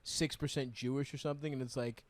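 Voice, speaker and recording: A man in casual podcast chat, throwing in quick jokes and laughing often. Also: mid-range voice, steady tone, over a noisy crowd.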